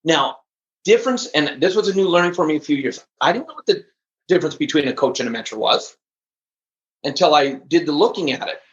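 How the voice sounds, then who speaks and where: A man in an interview, speaking with high energy and driving each point home. His voice sits a little high for a man. The recording is echoey and dull, with a lo-fi sound. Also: lively intonation, a little fast, a bit bright. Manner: high-energy, emphatic storytelling. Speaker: podcast guest, trainer. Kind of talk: interview conversation.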